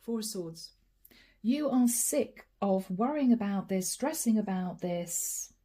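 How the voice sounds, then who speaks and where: A woman's voice: medium pitch, animated, takes it slowly, mellow. A woman giving a channeled tarot reading, talking straight to her viewers and naming each card as she draws it, with frequent sighs and asides. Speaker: tarot reader.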